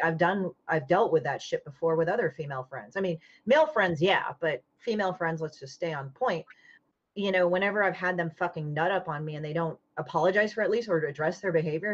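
A woman comic artist in casual podcast chat, talking bluntly and swearing freely as she retells a falling-out with lively energy. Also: lowish voice. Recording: dull lo-fi audio.

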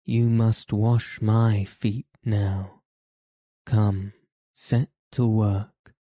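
Storybook hero: a man doing a calm, self-assured young man, low and even, unhurried. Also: no room sound, clean studio sound. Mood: stern.

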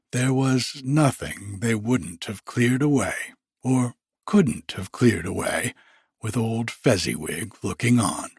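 A man narrating a classic story with slow, measured delivery. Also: medium pitch, lively intonation, gravelly, darkish tone, slightly rough, dry recording, clean studio sound. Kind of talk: storybook reading.

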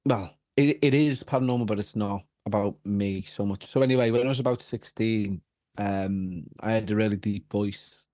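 A man with a Liverpool accent, a podcast guest telling a story in casual chat, animated and full of restarts and repeats. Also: fairly low pitch, moderate pace, dry recording, clean studio sound.

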